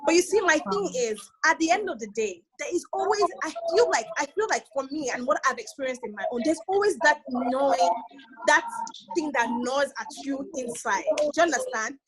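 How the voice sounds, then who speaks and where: A woman's voice: high voice, expressive, moderate pace, crowd noise, poor audio. A woman with a Nigerian accent, a guest on a casual panel, talking earnestly and emphatically. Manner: earnest, emphatic, often asks "do you understand?".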